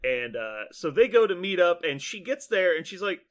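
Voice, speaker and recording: A man's voice: high-pitched, moderate pace. A man on a podcast, casually retelling a cartoon plot with lots of fillers, acting out the characters' lines and laughing as he goes. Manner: animated storyteller, acts out lines, laughs often, many fillers. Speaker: podcast host.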